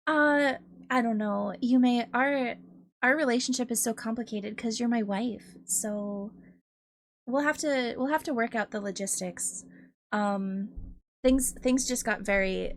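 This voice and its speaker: Slow-talking giggly woman streamer. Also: fairly high pitch, vocal fry, no room sound. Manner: giggly, swears freely. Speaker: Twitch art streamer. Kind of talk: casual livestream chat.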